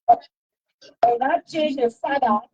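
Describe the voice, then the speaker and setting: High, dark-toned woman. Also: slow pace. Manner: emphatic, repetitive. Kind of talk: heated casual talk. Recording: dull lo-fi recording.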